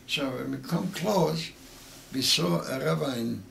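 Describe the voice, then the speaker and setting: Gravelly older man telling a halting story. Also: on the high side, animated, a bit bright, slight background noise. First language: Yiddish. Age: 80s. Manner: halting, repeats words, emotional telling. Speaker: interviewee. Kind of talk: oral history interview.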